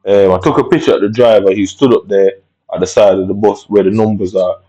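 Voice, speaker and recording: A man's voice: on the low side, fairly even intonation, fairly quick, warm tone, dull audio. A man with telling an angry personal story, rambling and profane, full of tag questions. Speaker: vlogger.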